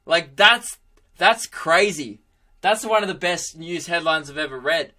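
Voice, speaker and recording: A young man in his twenties hosts a podcast in a loose, comic monologue. His voice is bright and sits a little high. He jokes crudely, laughs often and keeps the energy animated. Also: unhurried. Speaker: podcast host, comedian. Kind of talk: casual comedic monologue.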